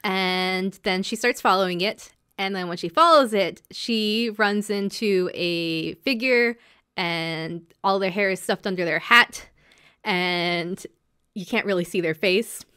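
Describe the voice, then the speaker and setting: A woman's voice: mid-range voice, pushed and bright, clear, resonant tone. A woman hosting a podcast, recapping episodes in casual chat and slipping into characters' lines as she goes. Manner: chatty, acts out characters' lines in quick asides. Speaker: podcast host.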